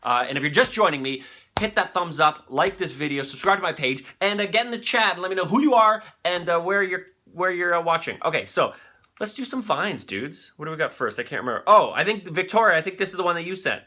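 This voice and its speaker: A man with a bright, fairly high voice hosts a live stream. His talk is loose and rambling, full of swearing and asides to the chat. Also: lively intonation, brisk. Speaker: live-stream show host.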